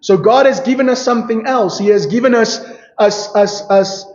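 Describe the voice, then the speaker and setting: Male pastor, high voice, emphatic sermon delivery, echoey church room. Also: normal speed, a little mellow. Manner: emphatic preaching with rhetorical questions and repeated "you see". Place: church hall. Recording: echoey church hall, dull lo-fi sound. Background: congregation calling out responses.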